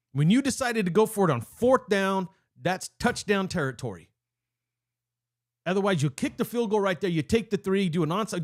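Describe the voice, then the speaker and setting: Fired-up man ranting about his team. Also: on the high side. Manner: heated, rambling, self-interrupting. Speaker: sports fan channel host. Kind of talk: emotional live-stream rant.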